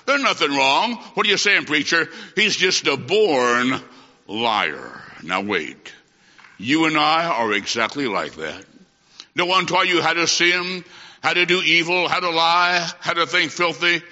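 A man's voice: a little high, sing-song, measured pace, pushed and bright. A middle-aged man preaching an evangelistic sermon in a folksy way, calling the listener "my friend" and using homespun stories. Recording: dull lo-fi recording with long hall reverb.

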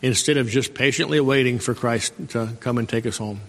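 A man's voice: mid-range voice, brisk, a bit bright. A middle-aged male pastor preaching a folksy sermon and calling out for amens from the congregation. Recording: long hall reverb.

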